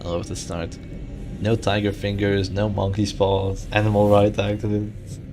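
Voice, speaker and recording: Gravelly low-voiced man casting a game. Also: flat delivery, normal speed. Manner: bantering, reads and answers live chat. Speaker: tournament caster. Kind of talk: casual play-by-play commentary. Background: game music.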